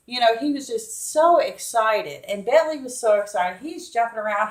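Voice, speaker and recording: A woman tells a loose, rambling home story, piling up fillers and restarts. Her voice sits at an ordinary pitch and rings a little in an echoey room at home. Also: animated, a little slow, hardly any pauses. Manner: rambling, chatty, lots of fillers. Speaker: vlogger. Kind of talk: casual storytelling to camera.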